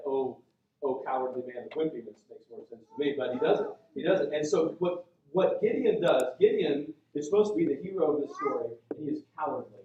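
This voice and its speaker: A man's voice: fairly high pitch, lo-fi sound, a little hiss or hum. A male pastor preaching a sermon in a church sanctuary. He talks in a chatty, conversational way with lots of asides. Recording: very echoey church sound from a distant mic.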